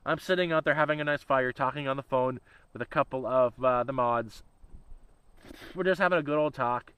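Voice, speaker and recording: A man's voice: medium pitch, a little fast, a bit bright, smooth, no room sound, low-quality recording. A man rambling in a casual livestream chat, swearing freely and laughing often. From Canada. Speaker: channel host.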